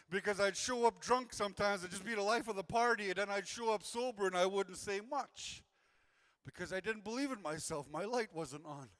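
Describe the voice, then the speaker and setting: A man delivers a personal storytelling talk in a high, smooth and resonant voice. He speaks earnestly and repeats his key phrases for weight. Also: fairly bright tone. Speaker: invited speaker sharing his healing journey.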